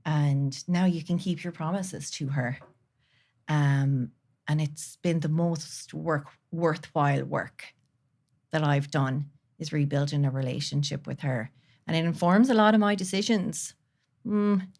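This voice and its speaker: A woman guest on a podcast, speaking earnestly and from the heart, sometimes dropping to a soft near-whisper. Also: low voice, a little slow. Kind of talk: candid conversational interview.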